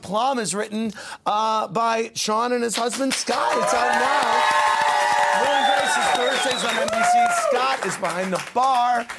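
A man hosting a late-night talk show, playful and quick to laugh, with a studio audience heard behind him. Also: high-pitched.

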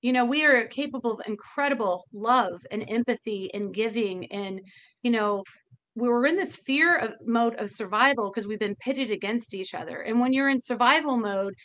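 Her slightly high, fairly bright voice moves at normal speed as this woman, who owns a bar, gives a heartfelt interview. She speaks earnestly and emotionally, often starting her sentences over.

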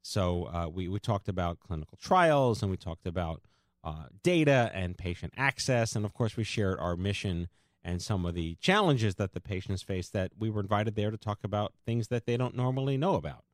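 A man's voice: fairly low pitch, lively intonation, normal speed, no room sound, clean studio sound. A man hosting a podcast, chatty and joking, sometimes tripping over his words. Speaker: podcast host. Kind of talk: casual chat.

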